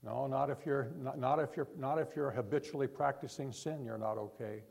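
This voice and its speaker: An older man, a pastor, preaching a sermon in church in an earnest, repetitive way, talking from the heart rather than yelling. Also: mid-range voice, steady tone, brisk, creaky, breathy edge.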